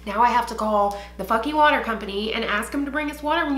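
Speaking quickly in a fairly high, fairly bright voice, a young woman from Ohio, USA, records a get-ready-with-me beauty vlog indoors at home. She rambles, swears casually and leans on fillers, and the room sounds reverberant.

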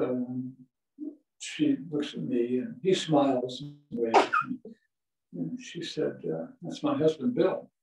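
Over a video call, an Ohio man gives a storytelling lecture full of folksy, rambling tales and plenty of "uh" fillers. His voice is a little high with a dark tone, and the audio is echoey, as if he's far from the mic.

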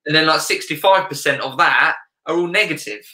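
Earnest man with a bright voice in an echoey room. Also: fairly high pitch, fairly quick. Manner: earnest, reflective, searching for words. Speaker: guest, life coach. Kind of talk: casual interview chat.

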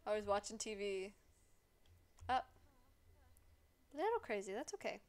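A woman's voice: mid-range voice, lively intonation, a little slow. A woman streamer chatting casually as she plays a life-sim game, sarcastic and swearing freely as she scolds the characters aloud.

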